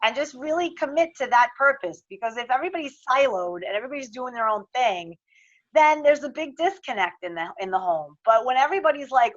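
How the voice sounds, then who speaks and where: A woman's voice: high voice, lively intonation, fairly quick. A woman, a relationship coach guesting on a talk show, giving confident, practical advice over a video call. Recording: dull lo-fi call audio.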